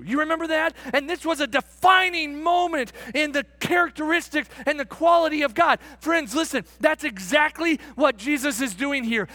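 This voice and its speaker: A man preaching a sermon as pastor, emphatic and repetitive, calling the congregation friends, building to excited shouts and then dropping to a quiet, close tone. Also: extremely high pitch, brisk, hardly any pauses, no room sound. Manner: emphatic, repeats phrases, addresses the congregation as friends. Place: church sanctuary.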